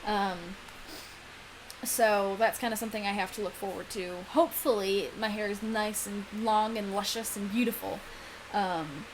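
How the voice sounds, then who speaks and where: A woman's voice: mid-range voice, fairly even intonation, moderate pace, background noise. A young woman chatting casually in a vlog, full of ums and likes. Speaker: vlogger. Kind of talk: casual pregnancy vlog chat.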